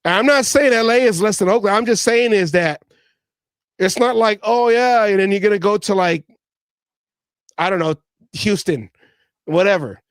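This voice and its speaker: A man hosting a casual sports talk show, animated and stammering as he repeats words. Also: sits high, normal speed, long pauses, no room sound. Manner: mimics others in quoted voices. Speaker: podcast host.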